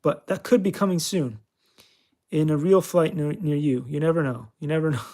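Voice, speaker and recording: Here the channel host, a Californian man, talks to himself through a flight sim with chatty, self-deprecating remarks. The voice is a little high and mellow, with a steady tone and normal speed.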